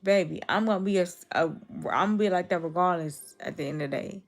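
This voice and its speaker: A woman in her twenties with a Chicago accent, chatting casually on a livestream and answering her viewers' comments. Her voice is naturally low and gravelly, the kind viewers take for a cold. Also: fast talker. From Chicago, USA. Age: 20s. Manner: talks straight to her chat, reading and answering comments.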